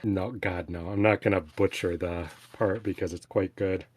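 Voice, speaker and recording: A man co-hosting a casual book discussion podcast, relaxed, with frequent "you know" fillers. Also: low voice, normal speed, husky, dry recording. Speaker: podcast co-host.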